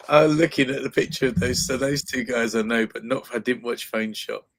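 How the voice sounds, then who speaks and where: A man's voice: mid-range voice, measured pace, gravelly, fairly bright tone. A man chatting casually on a livestream, rambling and restarting his sentences. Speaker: comic book creator.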